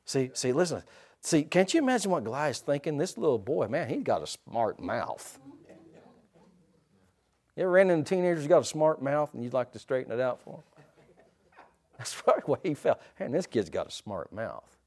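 Animated preaching man. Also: on the high side, fairly quick, long pauses. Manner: animated preaching, swinging from hushed to loud; asks the congregation for responses. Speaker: pastor. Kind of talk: sermon.

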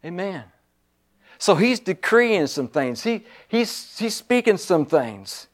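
Fervent high-voiced male preacher. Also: big pitch swings, slow. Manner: fervent, repetitive exhortation, swinging from loud to low. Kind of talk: sermon.

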